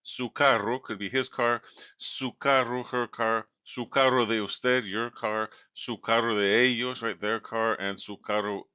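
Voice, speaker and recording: A man's voice: medium pitch, fairly even intonation, a little slow, pushed and bright, clean tone, no echo. A man teaching a Spanish grammar lecture, explaining patiently with many fillers and "right?" checks. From California. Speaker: Spanish instructor. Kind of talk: recorded lecture. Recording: dull, lo-fi sound.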